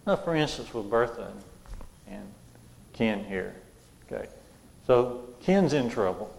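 Gravelly preacher in an echoey hall. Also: male voice, mid-range voice, lively intonation, normal speed, long pauses, darkish tone, slight background noise. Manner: conversational, repeats and restarts phrases. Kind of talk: sermon.

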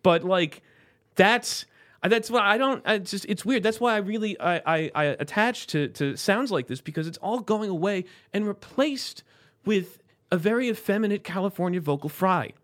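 A man from South Florida hosting a casual chat show, talking in an animated, rambling way with many restarts. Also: high voice, normal speed. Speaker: podcast host.

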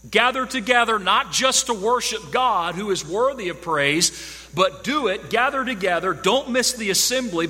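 Bright-voiced preacher in a reverberant hall. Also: male voice, sits high. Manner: emphatic, repeats key phrases for stress. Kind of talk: sermon.

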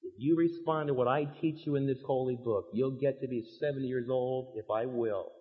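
A man's voice: mid-range voice, steady tone, brisk, slightly rough, pitched below the performer's own voice, lightly acted. A preacher voicing a tender fatherly God. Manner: soft, tender, pleading. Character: gentle fatherly God promising his children. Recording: reverberant hall, dull lo-fi sound.

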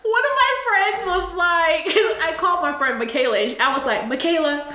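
A woman's voice: extremely high pitch, big pitch swings, moderate pace, bright, forceful tone, roomy sound. A woman co-hosting a casual chat podcast, talking animatedly with lots of laughter and acted-out quotes. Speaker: podcast co-host.

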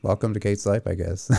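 A man's voice: lowish voice, creaky, husky, dry recording. A young man hosting a podcast in casual chat, rambling, swearing casually and laughing at himself. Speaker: podcast host.

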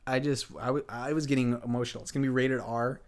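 A man's voice: medium pitch, little pitch movement, fast. A man hosting a casual podcast, talking enthusiastically with lots of fillers and restarts. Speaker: podcast host.

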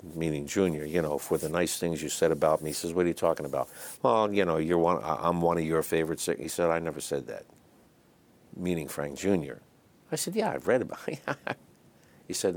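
An older man telling stories in a relaxed, chatty way as an interview guest, with lots of fillers and asides. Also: rumbling low. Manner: raspy, chatty anecdotes full of fillers. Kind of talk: storytelling in a casual interview.

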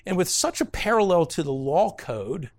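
Speaking at a normal speed in a high, sing-song voice, a man works through a book of the Bible, reading passages and explaining them. His tone is earnest and conversational, with many "uh"s and abrupt emphasis on important words.

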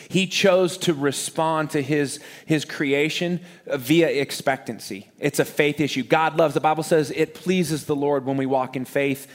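A man, a pastor preaching to a live church congregation, joking and lively with the crowd and turning quiet and earnest when he prays. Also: a little high. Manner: energetic, joking crowd warm-up, then quiet earnest prayer. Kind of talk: sermon.

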